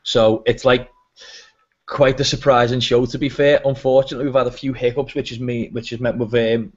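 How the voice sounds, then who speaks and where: A man's voice: mid-range voice, little pitch movement, a little fast. A man hosting a casual podcast, chatty and rambling with plenty of fillers. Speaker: podcast host. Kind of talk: casual chat. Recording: dull lo-fi web broadcast audio.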